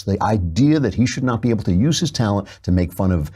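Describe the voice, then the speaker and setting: A man's voice: on the low side, lively intonation, a little fast, few pauses, mellow, breathy edge. A man hosting a talk show, delivering an emphatic, sarcastic opinion monologue.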